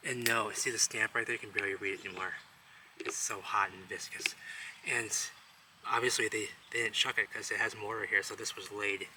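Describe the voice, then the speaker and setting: A man vlogging outdoors among rubble, rambling excitedly and talking straight to his viewers as he points things out. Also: lowish voice, brisk. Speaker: vlogger exploring ruins. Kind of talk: casual walk-and-talk commentary. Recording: loud outdoor traffic noise.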